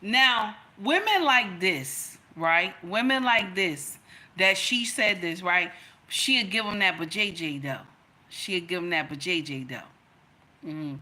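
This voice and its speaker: A woman's voice: fairly low pitch, expressive, slow pace, pushed and bright. A woman hosting a reaction video, giving casual commentary in an emphatic, preachy way that repeats phrases for effect.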